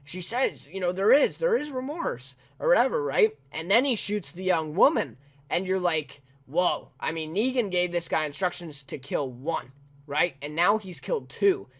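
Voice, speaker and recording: A man with a fairly high voice talks through a TV episode review in a loose, off-the-cuff way. He leans on fillers and keeps tacking questions onto the ends of his sentences. He chuckles as he goes. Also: lively intonation, normal speed, fairly bright tone. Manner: rambling, heavy on fillers and tag questions; chuckles often while talking. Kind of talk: casual spoken review.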